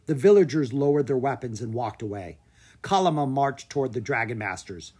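Breathy, lively storybook narrator. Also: medium pitch, brisk. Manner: lively read-aloud with voiced characters. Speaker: audiobook narrator.

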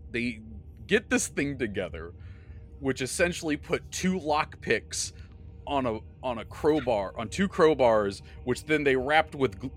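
A man's voice: medium pitch, slight background noise. A man recapping a tabletop game session as its game master, in casual rambling talk full of fillers and self-corrections. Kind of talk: casual podcast storytelling.

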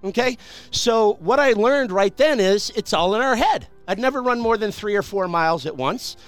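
A male radio host telling an animated personal story, with many restarts. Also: sits high, normal speed, faint music behind.

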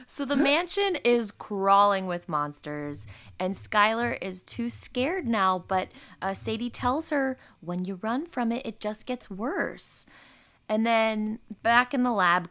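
A woman with a bright, clear voice recaps a show in a casual podcast chat. Her pitch swings up and down a lot as she talks, and she often trails off and restarts her sentences. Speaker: podcast host recapping an episode.

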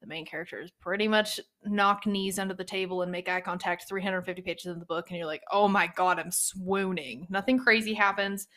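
A young woman chatting casually about books she loves, lively and talkative, slipping into the characters' lines as she retells scenes. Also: mid-range voice. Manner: chatty, animated, acts out characters' lines in quick asides. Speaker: book reviewer. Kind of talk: casual book recommendation chat.

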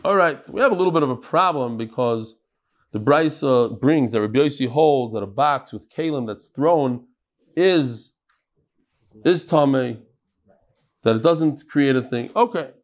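A man teaching a live Talmud class, lively and chatty, teasing his audience. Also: mid-range voice, unhurried.

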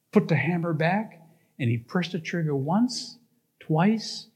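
High-voiced man preaching a story. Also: darkish tone. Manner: tells a cautionary story, often asking the congregation rhetorical questions. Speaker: pastor. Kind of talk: sermon with storytelling. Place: church.

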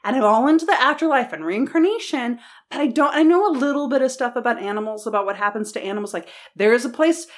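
A woman co-hosting a podcast, telling stories in a loose, chatty way. Her voice sits a little high and moves a lot, rising and falling as she gets into a tale. She laughs through her lines and drops the odd swear word. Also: fast. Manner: animated, laughing storyteller who swears casually. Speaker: podcast co-host. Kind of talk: casual chat.

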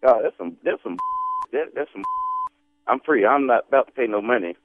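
A man on the phone, indignant and quick, swearing at a prank caller. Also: medium pitch, animated, no room sound. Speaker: prank call target. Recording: tinny phone line, dry.

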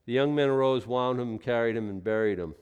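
A man's voice: mid-range voice, fast, a little mellow, smooth, dull audio. A male pastor preaching a sermon in a loose, conversational way, drifting into asides and acted-out scenes.

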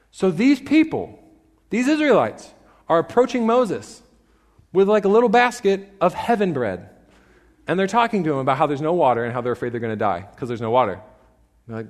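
High-voiced young preacher, reverberant hall. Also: male voice. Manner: animated storyteller, playful asides. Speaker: pastor. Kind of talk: casual sermon with acted-out quotes. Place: church sanctuary. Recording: long church hall reverb.

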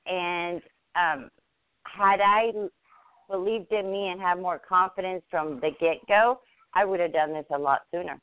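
A woman podcast guest talking earnestly and upbeat about her plans, often halting and restarting. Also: fairly low pitch, steady tone, clean tone, no echo. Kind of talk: casual interview. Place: home. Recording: dry, phone-like line.

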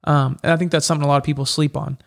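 Chatty man with a slightly high voice. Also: little pitch movement, vocal fry. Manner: chatty, quick storytelling with many fillers. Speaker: MMA fighter. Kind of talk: casual interview talk.

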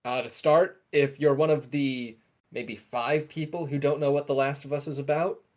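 A man's voice: fairly high pitch, steady tone, normal speed. A young man co-hosting a podcast in casual chat, enthusiastic and often correcting himself mid-sentence. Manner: rambling, self-correcting, enthusiastic. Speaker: podcast co-host.

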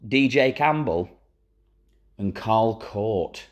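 A man's voice: mid-range voice, big pitch swings, moderate pace. A man hosting a podcast, telling football stories in a wry, casual way and swearing freely. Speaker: podcast host. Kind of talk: casual storytelling chat.

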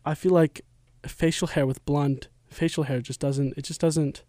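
A young man hosting a podcast, teasing his friends in playful banter and talking in quick restarts. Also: fairly high pitch, fairly even intonation, dark tone, no echo, clean studio sound. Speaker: podcast host. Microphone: studio microphone.

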